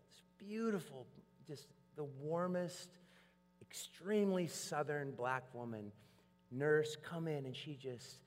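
A man preaching a sermon, telling a story with lively acted-out voices. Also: a little high. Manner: animated storytelling, acts out voices. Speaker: pastor. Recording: long hall reverb.

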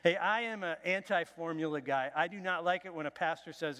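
A man's voice: a little high, a little fast, hardly any pauses, fairly bright tone, clear, resonant tone, big-room sound. A male pastor giving a conversational, self-deprecating sermon in a church. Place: church sanctuary.

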